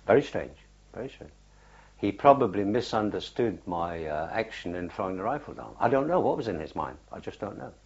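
An older man with a very low, husky voice recalls his wartime days in an oral history interview. He tells it haltingly, circling back with fillers and restarts. The recording is dull and lo-fi, like an old archive tape. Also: very animated, a little mellow. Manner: halting, unhurried storytelling with many fillers and restarts. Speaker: war veteran interviewee.

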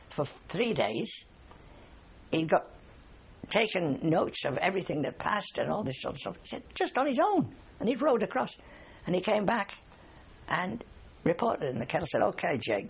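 Older man, veteran, rambling anecdotal storytelling, lively pitch, gravelly. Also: highs cut off. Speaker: war veteran interviewee. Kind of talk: oral history interview.

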